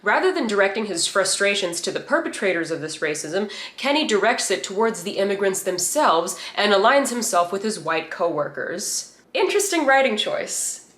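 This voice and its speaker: A woman's voice: mid-range voice, expressive, normal speed, a bit bright, reverberant. A woman from the United States hosting a reaction commentary, speaking in a sarcastic, candid way. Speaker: host.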